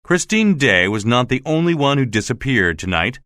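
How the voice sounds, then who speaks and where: A man's voice: medium pitch, very animated, moderate pace, a bit bright, no echo, clean studio sound. A man voicing an insistent, suspicious male theater official who keeps pressing questions, in a storybook reading. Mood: demanding.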